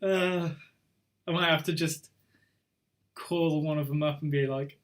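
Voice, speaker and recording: A man's voice: fairly high pitch, steady tone, unhurried. A young man hosting a live online pub quiz, chatty and rambling between questions. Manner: chatty and rambling, drifting off topic with chuckles. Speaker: quiz host.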